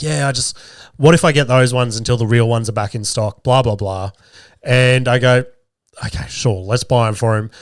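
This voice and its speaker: A man in his thirties with an Australian accent, hosting a podcast and telling stories in a casual, animated way, full of swearing and laughs. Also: mid-range voice, no echo, clean studio sound. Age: 30s. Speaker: podcast host. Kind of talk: casual storytelling. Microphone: camera with podcast mic.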